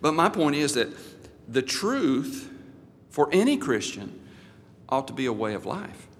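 A man's voice: a little high, very animated, unhurried, in a large hall, slight background noise. A male pastor and missionary telling a folksy, anecdotal story in a sermon, with frequent restarts.

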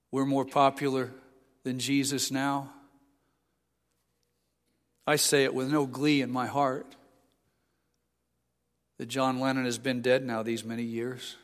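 A man preaching a sermon, impassioned, building to emphatic peaks and dropping low. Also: flat delivery, takes it slowly, long pauses. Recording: long reverb of a large hall.

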